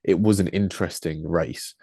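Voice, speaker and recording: A man's voice: low voice, steady tone, moderate pace, gravelly, dark tone, breathy edge, dry recording, studio quality. A man co-hosting a podcast, talking casually in rambling sentences full of "sort of". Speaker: podcast co-host. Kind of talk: casual chat.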